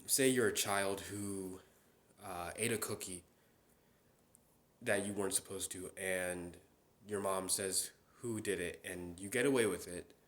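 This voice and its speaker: A man's voice: sits low, fairly even intonation, unhurried, fairly bright tone. A young man hosting a casual solo chat. He rambles, with many fillers and restarts. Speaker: podcast host. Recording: roomy echo.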